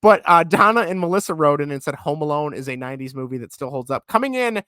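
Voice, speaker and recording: A man in his thirties co-hosting a podcast in casual chat, animated and laughing easily, with a sick voice. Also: a little high, quick pace, smooth, dry recording, studio quality. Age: 30s. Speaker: podcast co-host.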